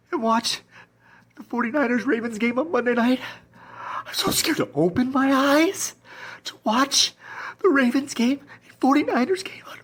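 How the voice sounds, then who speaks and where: A breathy, husky-voiced fantasy manager played by a woman in a comedy skit, sobbing and whispering through her guilt. Her voice is pitched a little high and swings wildly up and down. She drags each phrase out slowly, caught between panic and despair. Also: a bit bright, heavily acted.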